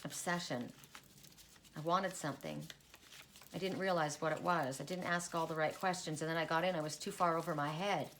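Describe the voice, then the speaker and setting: A woman's voice: deep voice, fairly even intonation, normal speed, a bit bright, a little hiss or hum. A middle-aged woman giving a solo oracle card reading, musing aloud and repeating card messages in rambling asides.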